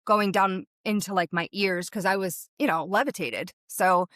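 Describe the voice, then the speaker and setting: A woman's voice: medium pitch, moderate pace, fairly bright tone, dry recording, studio quality. Woman medium telling her story vividly. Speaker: guest medium. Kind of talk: recounting a personal experience in an interview.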